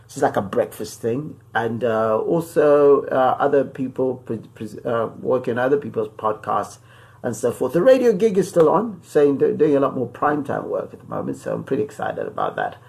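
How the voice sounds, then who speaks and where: A man hosting his podcast, talking loosely and rambling, with frequent pauses and restarts. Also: mid-range voice, big pitch swings, vocal fry, a little mellow. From Zimbabwe. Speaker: podcast host. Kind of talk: casual podcast monologue.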